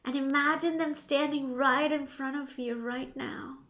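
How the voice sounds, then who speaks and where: A woman guiding a grief tapping session in a slow, soothing voice, now and then dropping to a soft whisper. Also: high voice, fairly even intonation, roomy sound. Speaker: healing coach.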